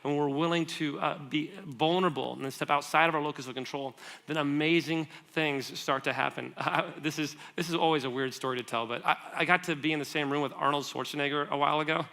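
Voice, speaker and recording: Bright-voiced man preaching conversationally. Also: a little high, creaky. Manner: animated storytelling with quick asides and laughs; conversational, asks the audience questions. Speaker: guest speaker. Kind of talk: sermon.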